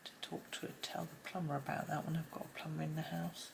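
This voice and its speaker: A woman giving a casual colouring tutorial at home, chatty and rambling, often dropping into soft asides under her breath. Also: deep voice, little pitch movement, fairly quick, creaky, noisy background. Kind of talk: casual colouring tutorial, talking while drawing. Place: home room with pencils scratching on paper.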